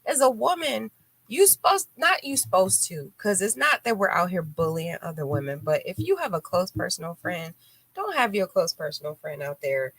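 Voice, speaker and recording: A woman with a notably low voice hosts a live radio talk show. She chats casually and bluntly, telling stories with animated flair and acting out what people said. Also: normal speed, a little hiss or hum. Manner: blunt, animated storytelling with acted quotes. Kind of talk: casual chat.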